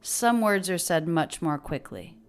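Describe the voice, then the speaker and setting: A woman teaching English pronunciation, breaking down phrases and repeating words slowly to model their sounds. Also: fairly low pitch, lively intonation, clear, resonant tone. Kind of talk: pronunciation lesson.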